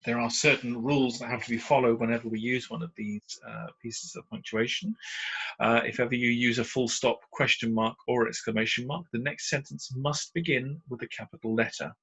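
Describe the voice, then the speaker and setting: A British man gives a recorded punctuation lesson in a patient, explanatory way, pausing often on "uh" as he walks through each slide. His voice has a slightly husky edge and sits at a middling pitch. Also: fairly even intonation, fairly bright tone, rough recording. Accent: British English. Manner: patient, explanatory, frequent "uh" fillers. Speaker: teacher.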